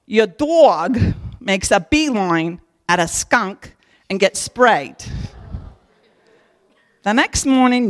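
Lively, folksy woman teaching the Bible. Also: medium pitch. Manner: folksy and humorous, talks straight to listeners. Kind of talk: casual devotional teaching.

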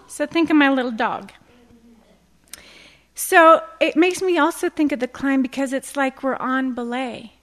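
A middle-aged woman teaching a devotional Bible talk, earnest and animated, telling stories and acting out quotes. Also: sits high, normal speed. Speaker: women's Bible study teacher.

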